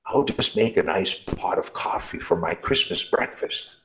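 A man's voice: deep voice, expressive, measured pace, fairly bright tone, poor audio. A man reading aloud, voicing a kindly old male shopkeeper who is fretful and hopeful, with quavering, fussy exclamations. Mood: cheerful.

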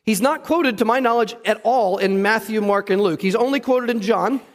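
A man's voice: high voice, moderate pace, in a large hall. A man preaching a sermon in church, talking conversationally and putting questions to the congregation. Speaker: pastor. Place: church sanctuary.

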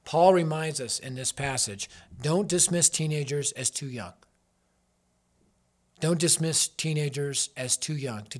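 A man in his fifties speaks at a middle pitch, earnest and emphatic. He teaches like a ministry leader and leans on personal stories to drive each point home.

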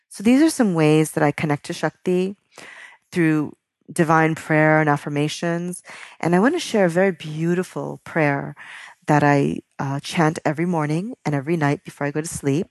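A woman working as a spiritual teacher who leads a slow, soothing guided meditation and chants mantras. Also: low-pitched, a little mellow, no echo, clean studio sound.

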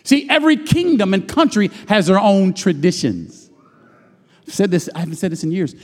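A pastor preaching a sermon, swinging from loud shouted lines to low murmurs and drawing out his phrases. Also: lively intonation, moderate pace. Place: church sanctuary. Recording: long hall reverb.

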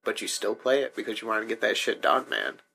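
A man's voice: on the low side, big pitch swings, quick pace, creaky, bright, forceful tone. A young man co-hosting a casual chat, laid-back and profane as he complains about games. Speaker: podcast co-host.

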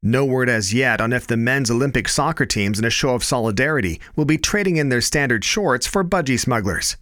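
A Canadian man reading satirical news headlines in a dry, deadpan anchor style. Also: mid-range voice, fairly quick, dry recording. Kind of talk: deadpan comedy news delivery.

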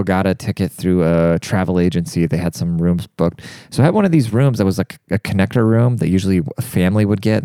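A young man rambles through a profane comedic rant, worked up and crude. His voice sits low with a dark, mellow tone. The sound is close and dry. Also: smooth, no echo. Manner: profane, rambling, fired-up, says dude a lot. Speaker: monologue speaker.

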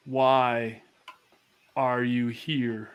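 A man's voice: mid-range voice, level tone, very slow, smooth, muffled recording. A man putting on a menacing goblin queen.

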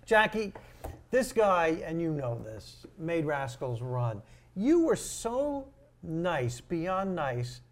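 A man's voice: a little high, sing-song, slow. A man co-hosting a podcast, asking enthusiastic questions in casual chat. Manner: enthusiastic interviewer, prompts with questions. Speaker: co-host.

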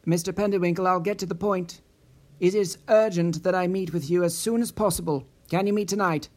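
A man voicing a secretive woman caller who speaks in a hurried, no-nonsense tone. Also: sits high, fairly even intonation, a little mellow, close to an everyday voice. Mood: urgent.

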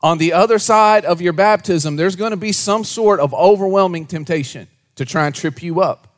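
At a normal pace, this male pastor preaches to a congregation. His delivery swings from hushed, low-voiced remarks to animated, louder stretches of storytelling.

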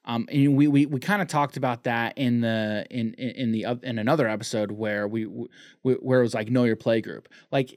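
A man's voice: medium pitch, steady tone, normal speed, a little mellow, no echo, studio quality. A man co-hosting a casual podcast, talking in loose rambling sentences full of restarts and fillers. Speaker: podcast co-host.

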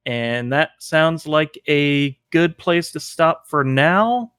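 A man narrating as game master in a tabletop game, halting with many fillers, his throat a little itchy. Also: fairly high pitch, animated, fairly bright tone, clear, resonant tone, dry recording, clean studio sound.

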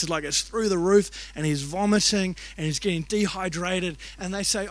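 High-voiced earnest male preacher. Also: brisk, hardly any pauses, fairly bright tone, no echo. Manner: conversational, earnest, heavy use of "like". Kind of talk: emotional storytelling sermon. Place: church service.

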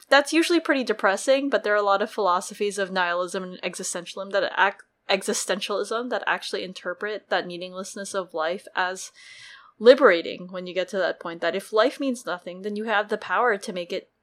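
A woman's voice: mid-range voice, a bit bright. Chatty woman discussing books. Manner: chatty, swears, laughs often. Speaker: podcast co-host. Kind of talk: casual book discussion.

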